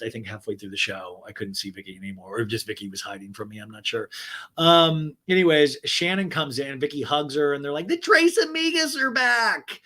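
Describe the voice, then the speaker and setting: A man's voice: medium pitch, fairly bright tone. A man hosting a podcast, giving a rambling, joking recap of a TV episode. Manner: rambling, joking, full of asides. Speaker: podcast host. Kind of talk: comic TV recap.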